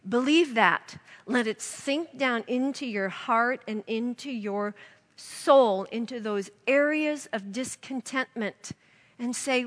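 A woman's voice: high voice, measured pace, fairly bright tone, long reverb tail. A woman giving an earnest devotional Bible teaching, reading scripture aloud to her listeners.

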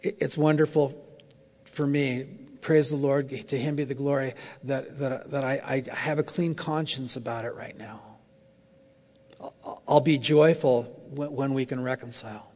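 A man's voice: mid-range voice, a little mellow. A man preaching as a guest in a church, telling an earnest, confessional story before leading a closing prayer. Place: church sanctuary. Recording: long hall reverb in a church.

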